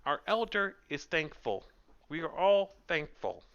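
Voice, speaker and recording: A man voicing a polite, cautious young male goblin in a squeaky, formal voice, heard over muffled voice-chat audio. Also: sing-song, unhurried, a bit bright, clean tone, full character voice. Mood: grateful, polite. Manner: formal, courteous.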